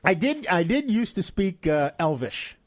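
Middle-aged male radio host, chatty self-deprecating storyteller, slightly high voice, dry close studio mic. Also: sing-song, measured pace, no room sound. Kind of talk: casual on-air chat. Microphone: studio microphone.

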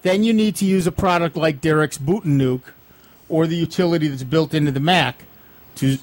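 A male radio host with a slightly high voice chats through tech advice on a call-in show. He explains things at length and fills pauses with plenty of ums. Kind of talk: casual radio call-in chat.

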